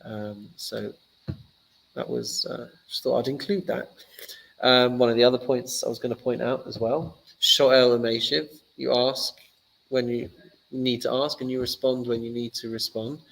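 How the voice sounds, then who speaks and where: A man's voice: medium pitch, level tone, measured pace, gravelly, fairly bright tone, rough recording. A man, a rabbi giving a casual lesson, telling stories in a chatty, joking way. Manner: chatty, joking, loose storytelling. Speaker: rabbi teaching a class.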